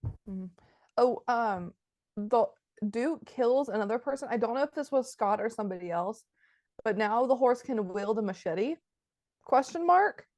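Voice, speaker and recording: A woman's voice: a little high, normal speed, darkish tone, dry recording. Giggly woman co-hosting a podcast over a video call. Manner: chatty, giggly, lots of restarts. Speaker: podcast co-host. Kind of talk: casual chat reviewing a film.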